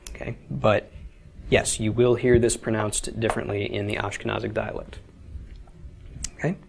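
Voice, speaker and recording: A man's voice: on the low side, level tone, moderate pace, gravelly, slight background noise. A man teaching a beginners' language class, explaining step by step and often checking with "okay?". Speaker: Hebrew teacher. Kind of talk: informal classroom lecture.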